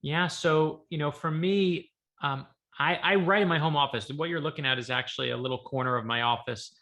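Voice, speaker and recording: A man, an author, telling a lively story on a video call from his home office, acting out the dialogue. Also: fairly high pitch, brisk. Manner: lively anecdotal, acts out dialogue. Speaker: author guest. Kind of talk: animated storytelling.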